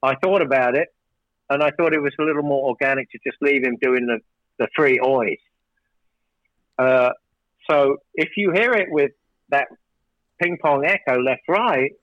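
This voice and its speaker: A man's voice: medium pitch, normal speed, pauses often, no room sound, dull audio. A record producer telling studio stories in an interview, acting out the exchanges as he goes. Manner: animated storyteller, acts out studio exchanges. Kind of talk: storytelling interview.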